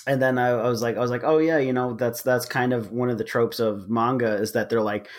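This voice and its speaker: A man in the middle of an ordinary pitch range chats casually on a podcast. He rambles, restarts his sentences and fills gaps with "uh" and little laughs. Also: fairly even intonation, brisk. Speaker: podcast co-host. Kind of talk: casual chat about manga.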